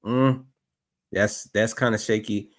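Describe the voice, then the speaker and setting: A man commenting on footage during a livestream, skeptical and halting, often restarting his sentences. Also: lowish voice, fairly even intonation. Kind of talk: casual commentary over footage.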